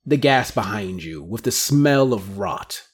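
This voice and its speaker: A man narrating as game master in a tabletop game, describing scenes briskly with small stumbles. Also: fairly low pitch, animated, breathy edge.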